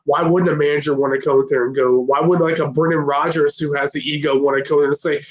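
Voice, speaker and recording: A man's voice: a little high, steady tone, fast talker, hardly any pauses. A man talking football on a podcast, rambling with constant fillers like "right there" and "I mean". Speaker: podcast co-host. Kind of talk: casual football chat.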